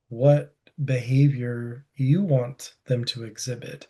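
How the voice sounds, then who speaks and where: Mellow-voiced man giving a webinar talk. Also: medium pitch, moderate pace. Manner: relaxed, conversational, frequent fillers. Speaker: presenter. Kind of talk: webinar presentation.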